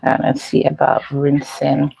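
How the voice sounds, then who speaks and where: A woman hosting a casual home cooking vlog, explaining each step in an unhurried way as she cooks in her kitchen. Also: deep voice, monotone, gravelly, mellow, husky, dry recording, poor audio. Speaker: cooking channel host.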